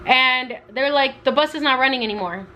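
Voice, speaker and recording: A woman's voice: high voice, fairly quick, slight background noise. A young woman vlogger telling a travel story casually, acting out quotes and saying "like" a lot. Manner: animated, acts out quotes with lots of "like".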